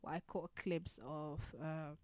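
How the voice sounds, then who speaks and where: A woman co-hosting a podcast, chatting in a relaxed way with frequent fillers. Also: low voice, measured pace, no room sound. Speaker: podcast co-host. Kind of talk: casual chat.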